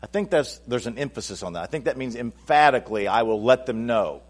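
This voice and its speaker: A man preaches a sermon, chatting with his congregation, restarting lines, and rising to loud, emphatic climaxes. He speaks a little fast in an expressive, mid-range voice.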